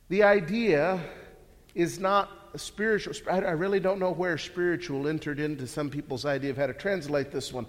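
A man preaching a sermon, earnest and full of rhetorical questions, often repeating words as he restarts. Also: a little high. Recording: long hall reverb.

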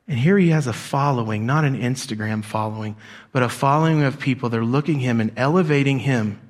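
A middle-aged man preaching a sermon to a congregation in a church, shifting between soft, low emphasis and louder, excited passages, and leading call-and-response. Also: a little fast. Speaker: pastor.

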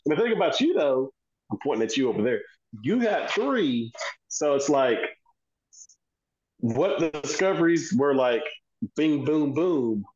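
A man's voice: medium pitch, a little mellow. A middle-aged man with a mid-range voice talks in an emphatic, conversational way. His recording sounds dull and lo-fi, with the top end muffled. He is a podcast co-host in casual chat.

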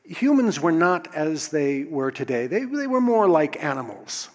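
Guy telling an old myth out loud, kinda high voice, lots of restarts, big echoey hall. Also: unhurried. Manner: expressive, lively emphasis, frequent restarts. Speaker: storyteller. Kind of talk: oral storytelling of myth. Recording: long hall reverb.

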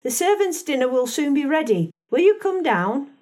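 A brisk household cook, put on by a woman narrator, calls out in a raised, lighter voice. She speaks quickly and practically, like a side character in an audiobook reading. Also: high-pitched, very animated, darkish tone, voice pushed up.

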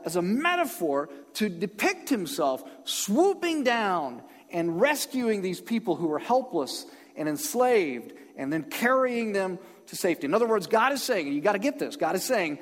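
A man's voice: sits high, big pitch swings, moderate pace, long reverb tail. A man preaching a sermon as pastor, emphatic and pressing his listeners to take each point in. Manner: emphatic, calls on the congregation to respond.

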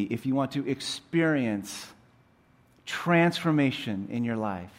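A male pastor giving a sermon, telling stories that swell in intensity and then drop to a low, quiet tone. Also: animated, takes it slowly. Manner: storytelling, building up scenes with rising intensity then dropping low.

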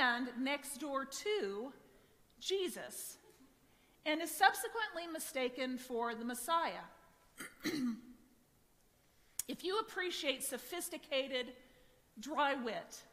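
High, bright-voiced woman pastor preaching. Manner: animated, wry, self-deprecating humor. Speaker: associate pastor. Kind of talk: sermon. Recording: long church reverb.

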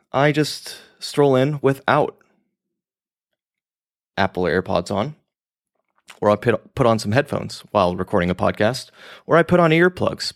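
A man hosting a podcast, talking in a rambling, casual monologue with some swearing, often laughing at himself. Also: on the low side. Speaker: podcast host.

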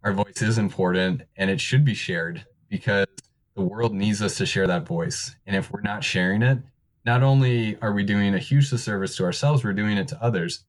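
A man's voice: lowish voice, moderate pace. A man talking openly and earnestly in casual podcast conversation. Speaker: podcaster, co-host.

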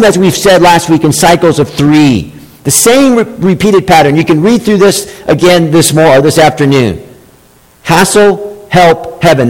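A man, a pastor, preaching a sermon and repeating key phrases for emphasis, sometimes with mock-sweet sarcasm. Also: on the high side. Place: church sanctuary. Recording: long reverb, large hall.

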